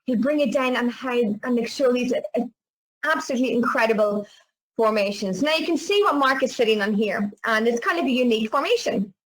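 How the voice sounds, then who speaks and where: High-voiced Northern Irish woman storyteller. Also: brisk, low-quality recording. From Northern Ireland. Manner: lively, chatty storyteller. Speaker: travel presenter. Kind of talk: storytelling travel presentation.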